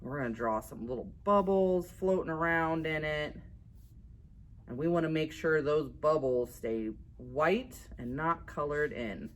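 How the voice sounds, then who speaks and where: A woman's voice: low voice, a little slow. A woman giving a casual drawing tutorial as an art instructor, chatty and upbeat, laughing at herself as she works.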